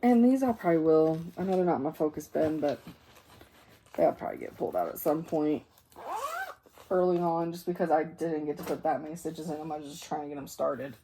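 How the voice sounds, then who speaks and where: A cross-stitch vlogger talks fairly quickly in a low, mellow voice with lively intonation as she casually shows her works in progress. Though tired and yawning, she rambles on with fillers and corrects herself. Slight background noise is audible.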